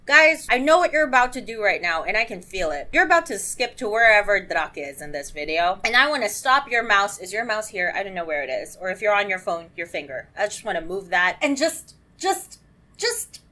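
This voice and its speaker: Gushing, bright-voiced woman vlogger. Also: medium pitch, brisk, hardly any pauses. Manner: gushing, excitable, swears freely. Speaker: show reviewer. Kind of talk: casual vlog review.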